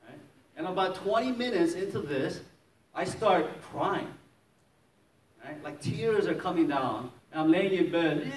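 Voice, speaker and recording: A man's voice: high-pitched, moderate pace, a crowd in the background. A man from Maryland, a pastor, telling his testimony in a sermon, acting out scenes and laughing often as he tells it. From Maryland, USA. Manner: lively storytelling, acts out scenes, laughs often. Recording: roomy echo, distant mic, faint noise.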